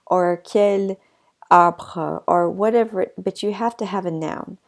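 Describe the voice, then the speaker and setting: A woman teaching a French grammar lesson in English, reading example sentences slowly and carefully, with chatty asides and frequent rephrasing. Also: fairly low pitch, vocal fry, mellow.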